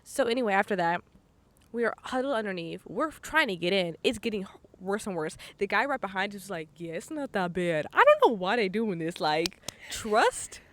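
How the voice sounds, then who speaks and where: A woman's voice: medium pitch, brisk. Young woman telling a story with drama. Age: young adult. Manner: animated, dramatic retelling with quoted voices. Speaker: podcast co-host. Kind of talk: casual storytelling chat.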